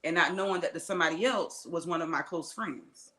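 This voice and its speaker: A woman's voice: lowish voice, fairly quick, roomy sound, over a noisy crowd. A woman guest telling her life story in an earnest, conversational way, with many asides and acted-out quotes. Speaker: interview guest.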